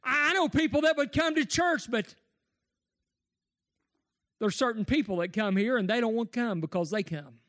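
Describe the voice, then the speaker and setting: A man preaching a sermon, impassioned, rising to shouts and tearful cries. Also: very high-pitched, moderate pace, long pauses.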